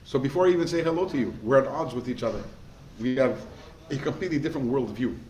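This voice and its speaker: A man, a rabbi teaching a class, in a lively way, often asking the listeners questions. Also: mid-range voice, quick pace. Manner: animated, asks the class rhetorical questions. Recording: echoey room with faint noise.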